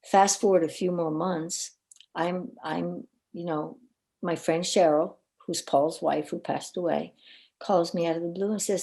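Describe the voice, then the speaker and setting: Her voice is warm, low, and gravelly, and she keeps a measured pace while recounting earnest personal stories as a guest on a podcast. She coaches and ministers, and her animated telling is full of repeated words.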